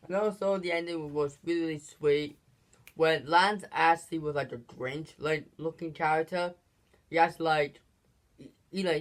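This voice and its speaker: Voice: medium pitch, a little slow, a bit bright. A channel host giving a casual, unscripted movie review, rambling with lots of fillers and restarts and giggling often between phrases.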